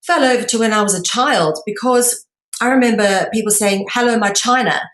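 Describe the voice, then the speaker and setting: A woman from South Africa giving a lecture-style presentation, explaining in a measured way with frequent pauses and ums. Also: fairly high pitch, a bit bright, reverberant, poor audio.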